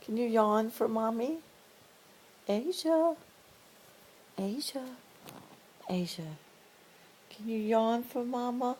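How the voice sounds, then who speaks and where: A woman at home talking baby talk to her pet cat, coaxing it softly and often dropping to a hush. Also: fairly high pitch, slow, pauses often, slight background noise, rough recording. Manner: soft, cooing, often hushed. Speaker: cat owner.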